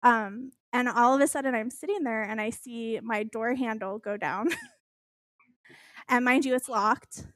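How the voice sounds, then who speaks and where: A young woman with a fairly high voice tells a story in a close, dry recording. She is animated and expressive and swears freely as she laughs through it. The tone is casual podcast chat. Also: unhurried, dry recording.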